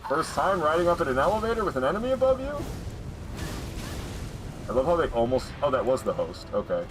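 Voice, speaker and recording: Excitable male game streamer. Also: a little fast, music in the background. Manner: excitable, jumps high in pitch when surprised. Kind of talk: casual live gameplay commentary.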